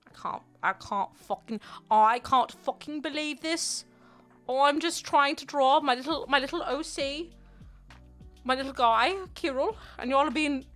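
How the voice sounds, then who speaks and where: A young adult woman streaming and chatting casually with her viewers, rambling and giggly, sometimes breaking into loud playful yelling. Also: high voice. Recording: faint music behind.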